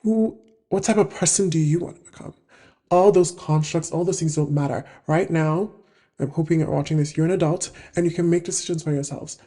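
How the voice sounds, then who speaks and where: A woman in her 20s talks through her thoughts in a relaxed, reflective self-help video monologue, often pausing as she gropes for words. Her voice sits low and sounds warm.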